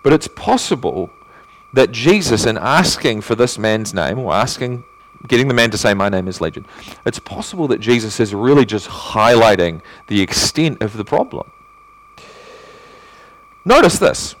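A man preaching an expository sermon, asking rhetorical questions and repeating key phrases, climbing in pitch and force on his main points. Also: big pitch swings, rough recording. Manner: rises in pitch and volume when stressing points; reads scripture aloud in measured tone.

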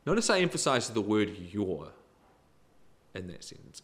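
A middle-aged man delivers a sermon with a lower voice that swings widely in pitch. His preaching is emphatic, leaning hard into key words before dropping to near quiet. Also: a little slow, pauses often. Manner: expressive, emphatic preaching with sudden rises and drops in loudness.

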